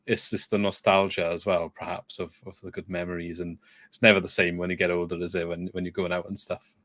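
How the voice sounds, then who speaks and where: A man's voice: low-pitched, little pitch movement, fairly quick, a bit bright, dry recording. A young man hosting a podcast, chatting casually, laughing easily and asking encouraging follow-up questions. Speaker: podcast host. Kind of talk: casual interview chat.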